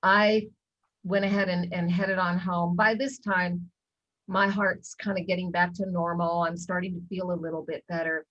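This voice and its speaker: A woman's voice: lowish voice, level tone, normal speed, fairly bright tone, lo-fi sound. A middle-aged woman presenting a wellness talk, telling a personal story with many ums and acted-out quotes. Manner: storytelling with lots of ums, acts out quoted lines. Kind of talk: casual talk in a wellness webinar.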